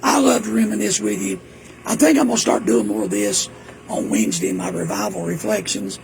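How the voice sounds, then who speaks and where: Older preacher, gravelly, lively pitch, rambling folksy storyteller at home. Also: male voice, fairly quick, background noise. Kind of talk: casual reminiscing monologue. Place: indoors at home.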